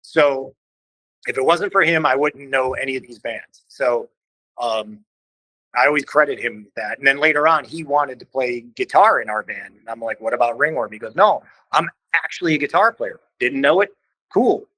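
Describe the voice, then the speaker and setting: Telling stories casually as a podcast guest, a Cleveland, Ohio man who sings in a band gets animated, imitating what other people said in quick little voices and swearing offhandedly. He has a mid-range voice; the audio has no echo but is poor.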